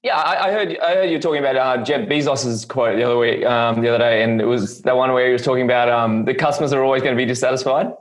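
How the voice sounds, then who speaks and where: A man interviewing a guest over a video call, eager and quick to agree. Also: medium pitch, fairly even intonation.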